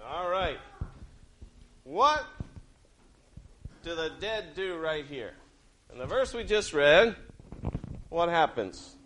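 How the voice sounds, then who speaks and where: A man giving a Bible lesson to children, gently asking them questions and explaining the verses. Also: on the high side, sing-song, slow, pauses often, a little hiss or hum. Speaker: Sunday school teacher.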